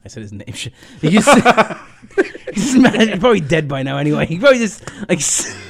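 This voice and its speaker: Brief: young man, raised pitch, crude and laughing, acts out rough voices in his anecdotes. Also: very animated, fast. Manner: crude, laughing, acts out loud gruff quotes. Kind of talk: casual storytelling chat.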